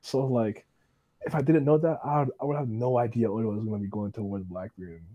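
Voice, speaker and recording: A man talking as a guest on a casual live stream, animated and acting out quotes. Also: lowish voice, quick pace, highs cut off.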